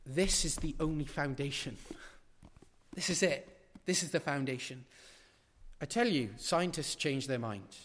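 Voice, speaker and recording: A middle-aged man preaching in a church, his fairly high voice carrying with a long hall reverb. He is emphatic and drives his points home by repeating phrases. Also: unhurried, fairly bright tone. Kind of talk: sermon.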